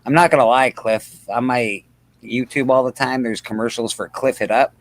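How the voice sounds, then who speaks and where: A man joins a casual chat to tease a friend with a deadpan delivery. His voice is mid-pitched and sounds dry and close, with no room around it. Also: moderate pace, no room sound.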